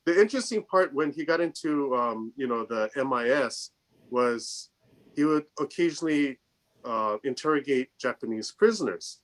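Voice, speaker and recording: A man telling a story casually on a video call, acting out the people he quotes in a higher voice. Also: animated, moderate pace. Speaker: storyteller in a group chat.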